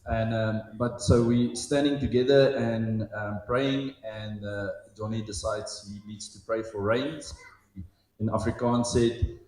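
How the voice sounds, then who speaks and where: A man tells a story from a tour at a retreat in a casual, halting way, with many pauses. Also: fairly low pitch, steady tone, darkish tone. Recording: echoey room.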